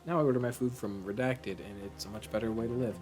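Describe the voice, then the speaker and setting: A man's voice: on the low side, fast talker, soft background music. A man hosting a let's play, giving goofy, rambling commentary as he plays a game. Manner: animated, goofy, rambling asides. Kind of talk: casual gaming commentary.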